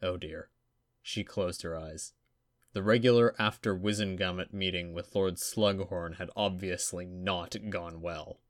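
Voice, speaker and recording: Low-voiced man reading a story aloud. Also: unhurried, dry recording, studio quality. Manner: steady, even storytelling delivery. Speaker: audiobook narrator.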